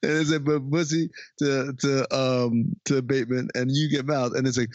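A man's voice: medium pitch, normal speed, hardly any pauses, no echo, highs cut off. A man co-hosting a casual movie podcast, quoting film lines and laughing along. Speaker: podcast co-host.

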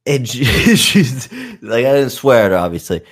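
A man's voice: medium pitch, expressive, moderate pace, background noise. A young man, a youth program counselor, telling profane stories in a rambling casual chat full of "like" and "dude".

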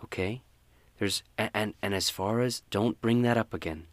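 A man's voice: on the low side, moderate pace, no room sound, close to an everyday voice. A man voicing a half-elf fisherwoman on a town council, placating and insistent. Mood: reassuring.

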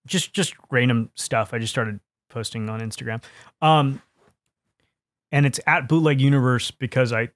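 A man's voice: mid-range voice, normal speed, fairly bright tone, no echo. A man talking casually as a podcast guest, playful and swearing freely, with an American accent and a habit of slipping into put-on voices. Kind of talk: casual chat.

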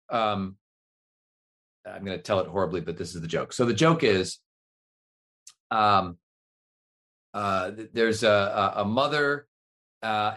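A man guest telling a long joke in a casual, animated way, laughing often. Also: fairly low pitch.

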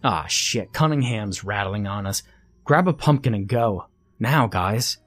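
A man's voice: on the low side, animated, normal speed, darkish tone, slightly rough, dry recording. A man voicing a cocky, cruel boy bully who taunts and sneers with overconfidence. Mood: tense.

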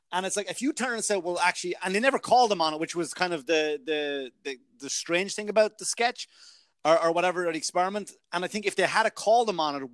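Rambling podcast host, dry close sound. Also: male voice, high voice, a bit bright, no echo. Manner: rambling, swears casually. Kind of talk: casual podcast chat.

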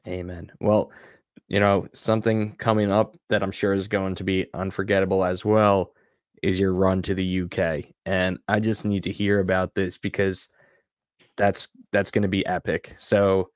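A man with a fairly low voice hosts a podcast in a relaxed, enthusiastic way. His sound is dry and close, with no room around it. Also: normal speed, clean tone, no room sound. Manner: relaxed and enthusiastic, loose filler words. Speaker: podcast host. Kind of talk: casual podcast chat.

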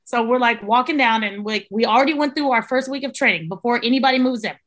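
A young woman tells a story in casual podcast chat. Her voice sits a little high. She is animated and acts out the people she quotes. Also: fast. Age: young adult. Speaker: podcast guest, former resident assistant.

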